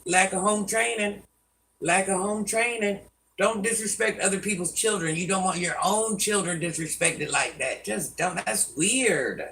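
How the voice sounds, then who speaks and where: A woman's voice: medium pitch, measured pace, fairly bright tone, recorded from a distance, a little hiss or hum, rough recording. An older woman hosting a live stream, scolding commenters by name and chatting with viewers. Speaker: livestream host.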